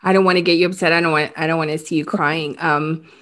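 A woman hosting an interview, talking haltingly with many restarts, close to tears. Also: low voice, steady tone, a bit bright. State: emotional, near tears. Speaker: host. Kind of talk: emotional interview about a crime case.

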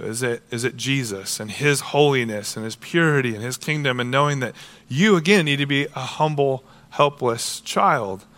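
A man preaching a sermon as a pastor, casual and animated, acting out quoted voices. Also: medium pitch.

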